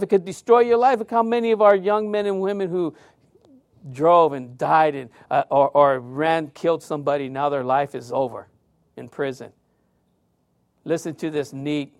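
A male pastor preaching a sermon, telling stories with sudden loud outbursts and quiet drops. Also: a little high, steady tone, moderate pace, dry recording.

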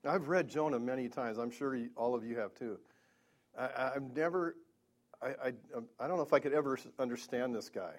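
A man's voice: mid-range voice, a little fast. A man preaching a Bible-teaching sermon, earnest, with stammering restarts and emphatic peaks.

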